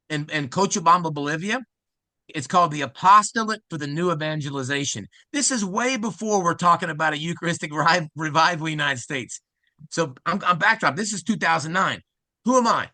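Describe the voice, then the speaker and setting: A middle-aged man from Ohio, excitedly telling his conversion story as an interview guest and acting out the quoted speech of others. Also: a little high, no echo. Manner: excited, acts out quoted speech, fast asides.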